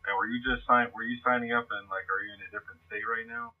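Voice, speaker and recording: A man's voice: lowish voice, fairly even intonation, quick pace. A man working as a customer support agent, speaking politely and calling the caller sir. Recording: tinny phone line.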